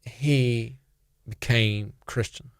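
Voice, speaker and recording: A man from Russia with a Russian accent, a native Russian speaker, calmly telling jokes in halting English on a podcast. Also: mid-range voice, smooth, no room sound, clean studio sound. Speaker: podcast co-host, comedian. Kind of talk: casual comedic chat.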